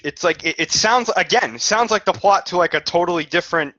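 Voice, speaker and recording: Man, podcast co-host, casual, animated reasoning, dull lo-fi sound. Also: high voice, brisk, no room sound. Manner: animated, reasoning out loud with restarts. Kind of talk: casual chat. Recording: dull lo-fi audio.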